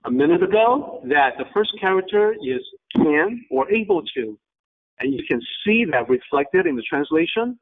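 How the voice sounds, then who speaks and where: A man teaching a class, explaining patiently in short halting phrases and inviting students to guess. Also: fairly high pitch. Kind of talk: online class lecture. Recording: tinny phone-like line.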